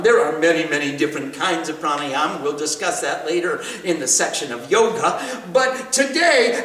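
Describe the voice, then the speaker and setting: A man teaching a class on Sanskrit meters and breathing, leading the chanting and practice with soft laughs. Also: high voice. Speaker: spiritual teacher. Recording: roomy hall, from far off.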